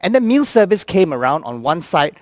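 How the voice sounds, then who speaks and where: A man, telling comic travel stories in an animated, playful way and acting out the characters. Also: sits high, fairly quick, no room sound, clean studio sound. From Singapore. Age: 50s. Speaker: actor. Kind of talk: comic storytelling.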